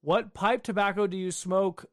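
A man's voice: sits high, fairly even intonation, normal speed, fairly bright tone, dry recording, studio quality. A man hosting a casual livestream from his home basement, reading viewer questions aloud and answering them offhandedly. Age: adult with wife and children. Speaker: livestream host answering chat. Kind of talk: casual live-stream chat.

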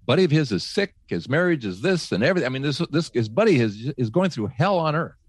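A man who once worked as a radio host, telling faith stories in casual talk, animated, laughing often and restarting his sentences. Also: medium pitch, fast, husky, no echo. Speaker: guest, former radio host.

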